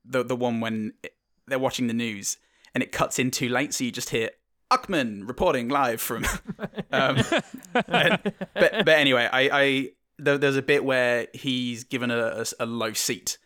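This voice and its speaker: Man, casual chat, wry, deadpan humor, mid-pitched. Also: moderate pace, clear, resonant tone.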